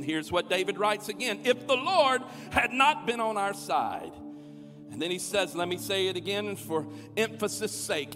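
A man preaching a sermon as pastor, calling on the crowd to respond and swelling to shouts. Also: high voice. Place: large church auditorium. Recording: long hall reverb with music behind.

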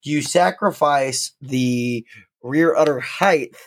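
A man from North Dakota co-hosting a casual podcast chat, talking in an animated way with lots of restarts and quick laughs. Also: mid-range voice. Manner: chatty, laughing, stumbling restarts. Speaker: podcast co-host.

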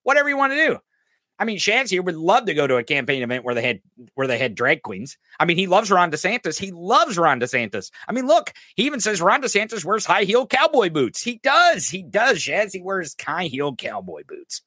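In a dry, clean studio recording, a podcaster with a high, sharp voice and wildly swooping pitch rants briskly about politics. He is mocking and profane, turning to address a chatter directly.

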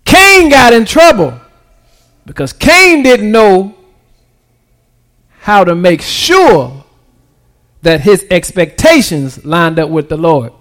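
A man preaching a sermon, calling out to the congregation and moving between hushed asides and loud, excited peaks, with casual everyday grammar. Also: sits high, slow pace, long pauses. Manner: preaching with call-and-response, swinging from hushed to shouted. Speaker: pastor.

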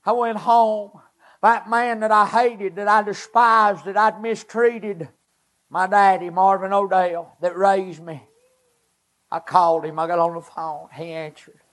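A man, preaching a personal testimony in earnest, halting, short emotional phrases. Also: sits high, fairly even intonation, fairly bright tone.

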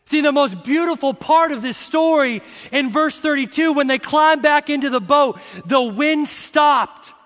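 A middle-aged man preaching a sermon, repeating phrases slowly for emphasis and rising into shouts as he addresses the congregation. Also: very high voice, in a large hall. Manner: uses "y'all" and "see" to address the congregation. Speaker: pastor.

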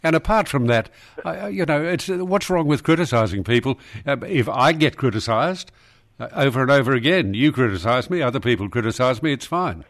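A man's voice: medium pitch, expressive, brisk. A man hosting talk radio, blunt and dismissive with a dry manner. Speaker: radio host.

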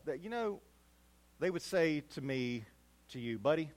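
Middle-aged guy preaching, voice a bit high, gets loud then drops way down low, really animated. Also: a little slow, long pauses. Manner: animated preaching, swinging from loud emphatic peaks to quiet low asides. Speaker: pastor. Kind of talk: sermon.

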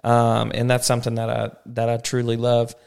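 A man's voice: mid-range voice, monotone, normal speed, creaky, a little mellow, clear, resonant tone. A man hosting a casual family podcast, telling travel stories in a chatty way and ending with an upbeat sign-off.

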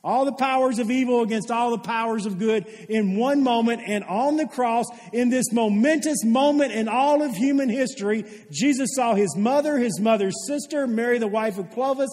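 A pastor with a very high, darkish-toned voice preaches a storytelling sermon at normal speed, hardly pausing. He tells his stories earnestly and puts questions to the congregation. Long hall reverb fills the recording.

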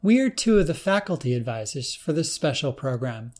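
A man's voice: mid-range voice, very animated, moderate pace, a little mellow. A man reading an audiobook, voicing a friendly, balding older male professor with a genial manner. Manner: genial, hosting.

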